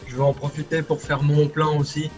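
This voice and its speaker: Guy voicing a french trucker in a game, rattles it off fast, kinda high. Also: flat delivery, over music, lightly acted. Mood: matter-of-fact. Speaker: in-game driver chatter.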